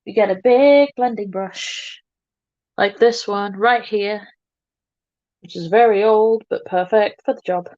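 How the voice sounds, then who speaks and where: A woman's voice: medium pitch, unhurried, darkish tone, no room sound, lo-fi sound. Chatty woman doing a makeup livestream. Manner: chatty, self-mocking, talks to viewers while working. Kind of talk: casual makeup tutorial chat.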